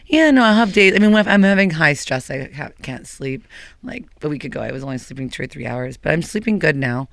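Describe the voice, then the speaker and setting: A woman's voice: sits low, animated, brisk, gravelly, no room sound. A woman talking candidly as a guest, rambling in a hyper, restless way, recorded on a dry close mic. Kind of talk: candid personal talk.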